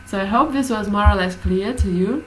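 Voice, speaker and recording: A woman's voice: medium pitch, moderate pace, noisy background. A woman teaching a class, explaining hesitantly with many fillers.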